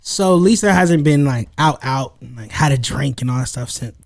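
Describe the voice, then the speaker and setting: A man's voice: medium pitch, normal speed, gravelly. A man co-hosting a podcast, chatting casually and telling stories with lots of laughter and acted-out voices. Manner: animated storyteller, laughs often and acts out voices. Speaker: podcast co-host. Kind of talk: casual chat.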